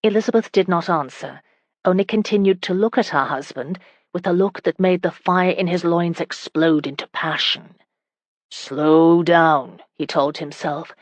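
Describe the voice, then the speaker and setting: Low-voiced woman audiobook narrator. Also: normal speed, no room sound.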